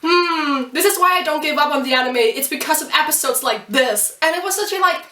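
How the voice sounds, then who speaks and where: A high, bright-voiced young woman gushes over an anime episode in a casual review video, excitable and quick to laugh. She sits back from the mic, so her voice carries a roomy echo. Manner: gushing, excitable fangirling with laughs and exclamations. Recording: roomy sound from a distance off the mic.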